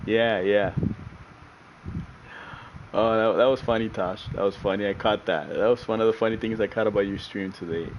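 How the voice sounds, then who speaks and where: This man's voice sits on the low side and moves unhurriedly, with long pauses, and the low-quality recording carries a slight hiss or hum. He's streaming sim racing and chatting casually with viewers, laughing often and repeating himself as he goes.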